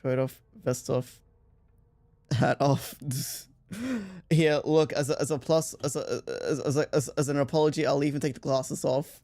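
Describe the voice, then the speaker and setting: A man's voice: fairly high pitch, a little slow, darkish tone. A man streaming a game, chatting casually, rambling and self-deprecating, swearing freely and laughing often.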